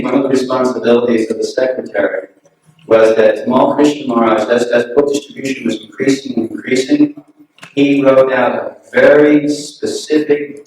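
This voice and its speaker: A man giving an anecdotal remembrance at a memorial gathering, telling relaxed stories and chuckling often. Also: mid-range voice. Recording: very echoey hall, distant mic, noisy.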